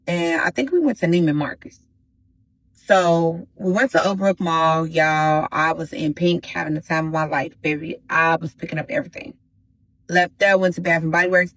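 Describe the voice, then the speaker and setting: A woman hosting a casual storytime vlog, talking straight to her viewers in an animated, slangy way. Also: lowish voice, dry recording, low-quality recording. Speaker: storytime host.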